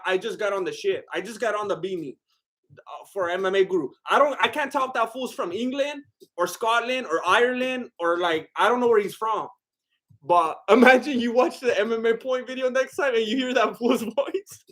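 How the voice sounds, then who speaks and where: A man with a Mexican-American accent chats casually on a live stream, rambling with lots of fillers and laughter. His high-pitched voice is animated, a bit bright and fairly quick.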